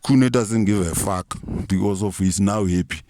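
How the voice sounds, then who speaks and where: A man's voice: on the low side, normal speed, dark tone, slight background noise. A South African man telling a rambling, profane comic rant in a mock-preachy tone. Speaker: comic storyteller.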